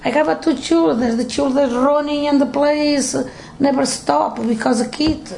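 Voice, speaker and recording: A woman's voice: high-pitched, normal speed, vocal fry, a little hiss or hum, low-quality recording. An older woman with a Portuguese accent, telling her family history in broken English during an interview at home. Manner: broken English, animated storytelling with acted quotes.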